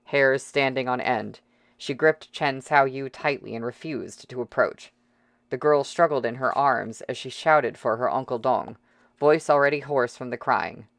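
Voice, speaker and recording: A man reading a novel aloud as audiobook narrator, steady and dramatic. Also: medium pitch, measured pace, gravelly, dry recording.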